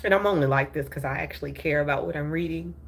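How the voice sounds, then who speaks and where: A woman's voice: deep voice, fast, gravelly. A woman hosting a news and gossip show, giving emotional political commentary, upset and apologetic, restarting her sentences often.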